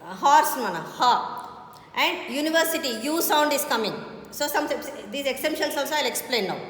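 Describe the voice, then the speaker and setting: A woman's voice: high-pitched, animated, a little fast, a bit bright. A woman teaches a grammar lesson, explaining step by step and often checking with "okay?". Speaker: English teacher. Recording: very echoey hall with faint background noise.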